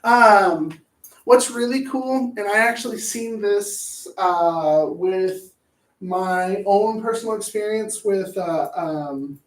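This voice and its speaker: A woman's voice: medium pitch, slow pace. A woman gives a loose, chatty talk about parenting. She jokes and slips into little acted voices. She sounds some way off from the mic, in a room with plenty of echo. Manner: chatty, jokey, acts out voices and sings snatches. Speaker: parenting educator. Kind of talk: casual presentation. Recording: echoey room, voice from a distance.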